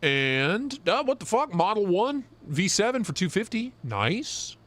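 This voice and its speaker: A young man co-hosting a live stream, chatting casually and swearing as he jokes and gets excited. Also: high voice, unhurried. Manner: excited, profane, joking. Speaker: knife show co-host.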